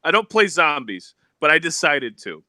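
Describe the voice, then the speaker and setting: A man co-hosting a casual gaming chat, telling animated stories and mimicking yelling kids. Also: fairly high pitch, normal speed, no room sound. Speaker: co-host.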